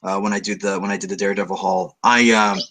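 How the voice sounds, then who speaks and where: A man from Canada chatting casually about comics, blunt and animated. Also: deep voice, quick pace. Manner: animated, swearing, blunt opinions. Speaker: co-host. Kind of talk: casual chat.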